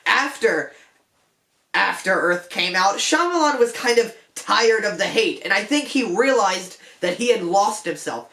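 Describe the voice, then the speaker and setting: A young man with a high, slightly bright voice hosts a comedic film commentary vlog while playing a detective. He rambles and mocks himself, adding joking asides and often restarting, all in an echoey room.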